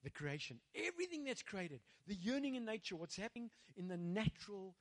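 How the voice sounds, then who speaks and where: A man's voice: sits high, sing-song, a little fast, hardly any pauses. A man with a South African accent preaching a rousing sermon, calling out to the congregation and slipping into Afrikaans phrases. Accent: South African English. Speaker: pastor.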